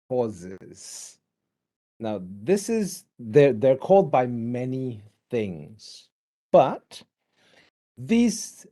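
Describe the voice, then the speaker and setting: A man lecturing an online class, animated and often asking his students questions. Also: mid-range voice.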